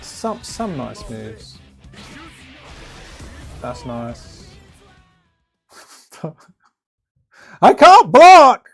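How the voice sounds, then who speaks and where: Male streamer, gravelly voice, rambling live reaction chat, lots of restarts, faint music under him. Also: a little high. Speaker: stream host reacting to a game trailer. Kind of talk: casual live reaction commentary.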